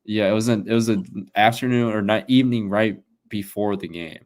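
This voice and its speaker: A man with a very low voice co-hosts a sports podcast. He talks in a loose, rambling way, laughing often and swearing casually. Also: normal speed, darkish tone. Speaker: podcast co-host.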